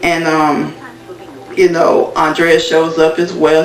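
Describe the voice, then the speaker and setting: A man's voice: on the high side, flat delivery, normal speed, vocal fry, slight background noise. A man casually retelling a TV episode in a rambling way full of fillers, in an echoey room with the mic at a distance. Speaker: TV recap vlogger.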